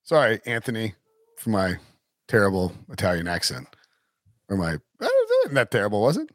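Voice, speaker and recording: A man's voice: on the low side, huge pitch swings, moderate pace, no room sound, studio quality. A man hosting a casual sports talk show, rambling with many fillers and restarts. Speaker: podcast host.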